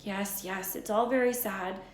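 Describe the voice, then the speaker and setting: A woman's voice: medium pitch, steady tone, measured pace, close to an everyday voice. A woman doing a stern old witch professor. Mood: scolding. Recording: roomy echo.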